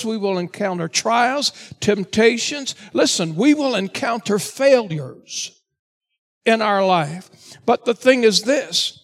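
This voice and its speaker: High-voiced preaching pastor. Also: male voice. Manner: earnest, exhorting, repeats "listen" to the congregation. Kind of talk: sermon.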